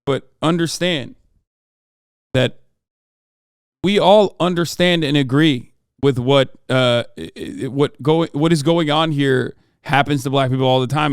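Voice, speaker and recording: A man's voice: mid-range voice, clean tone, dry recording, clean studio sound. A man streaming and reacting to the news, in casual political commentary that rambles, full of swearing and sarcasm.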